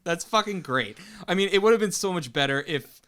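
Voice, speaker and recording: A man talking through movie plot points with eager enthusiasm, hedging his sentences with frequent "like". His voice is bright and crisp, with a smooth, clean tone. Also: high-pitched, expressive, a little fast. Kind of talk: casual chat.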